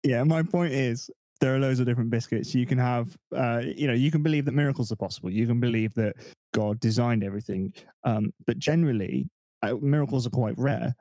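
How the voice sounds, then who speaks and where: Guy on a home podcast mic, darkish mellow tone, dry sound, talks stuff through with lots of ums. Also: mid-range voice, a little fast, dry recording. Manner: explanatory, thinks aloud with fillers. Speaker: podcast co-host. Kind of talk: casual discussion. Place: home, remote call. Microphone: desk microphone.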